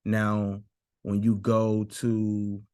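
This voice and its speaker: A man teaching a Bible lesson while sharing his screen, slowly repeating and stressing Hebrew words. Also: fairly low pitch, monotone, mellow, dry recording, clean studio sound. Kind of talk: screen-share scripture lesson.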